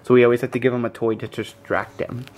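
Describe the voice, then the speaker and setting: A young father in his twenties chatting casually in a home vlog, relaxed and teasing. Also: medium pitch, fast talker, phone-quality sound, a little hiss or hum. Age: 20s. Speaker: vlogger, new father.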